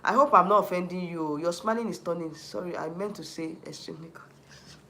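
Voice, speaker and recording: A man's voice: high voice, brisk, sharp tone, reverberant, slight background noise. A man with a Nigerian accent hosting a livestream, ranting heatedly, repeating himself and restarting often while answering chat. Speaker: YouTube livestream host.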